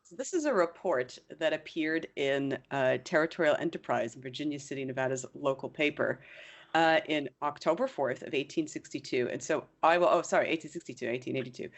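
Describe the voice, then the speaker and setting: A woman hosting a casual chat, playful and teasing with her guest. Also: deep voice. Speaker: host. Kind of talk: casual conversation.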